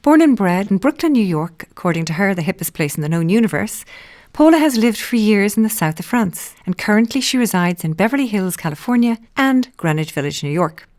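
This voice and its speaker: A woman's voice: mid-range voice, very animated, fairly quick, a little mellow, no echo, clean studio sound. A woman hosting a podcast, delivering a flowery, theatrical scripted introduction. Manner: ornate, theatrical, wordplay-loving delivery. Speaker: podcast host.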